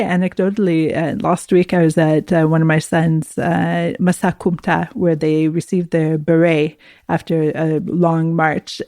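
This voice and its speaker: A woman's voice: on the low side, mellow, no echo. Middle-aged woman podcast host, dry sound. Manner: conversational, engaged, reflective. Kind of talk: podcast conversation.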